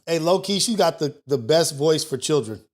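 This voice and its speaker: A man hosting a morning talk show, thinking out loud in a loose, profane way with many restarts. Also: a little high, lively intonation, moderate pace. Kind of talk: casual talk show commentary.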